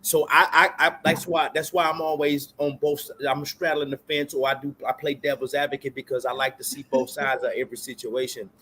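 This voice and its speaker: A man's voice: on the high side, level tone, brisk, hardly any pauses, pushed and bright, a little hiss or hum. A man on a discussion panel who keeps steering the talk with repeated questions.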